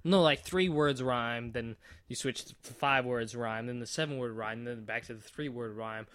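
A man's voice: mid-range voice, moderate pace, fairly bright tone. A young man co-hosting a casual podcast, goofy and joking, often laughing. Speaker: podcast co-host. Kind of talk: casual chat.

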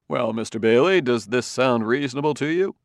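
A man playing a composed male scientist who speaks mildly and softly. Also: mid-range voice, animated, brisk, dry recording, clean studio sound, close to an everyday voice. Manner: mild and soft-spoken.

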